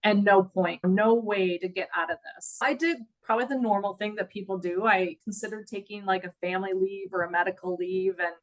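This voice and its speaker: A woman's voice: medium pitch, fairly quick, hardly any pauses, low-quality recording. Middle-aged woman, interview guest, earnest, emotional, reflective storytelling. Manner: earnest, reflective, laughs at times.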